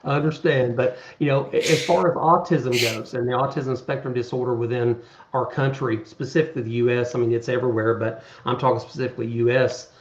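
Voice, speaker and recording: A man's voice: medium pitch, fairly even intonation, brisk, reverberant, muffled recording, background noise. A man in his fifties talking earnestly on a podcast, rambling with many restarts as he explains his charity work. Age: 50s. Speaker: podcast guest, charity event organizer. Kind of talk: casual chat.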